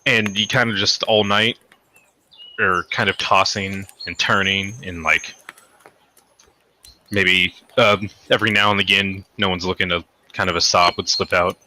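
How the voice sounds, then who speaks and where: A man narrates a tabletop game as game master, rambling along with many fillers and restarts. His voice sits fairly low, with a very bright, edgy tone and faint noise behind it. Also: steady tone, a little slow.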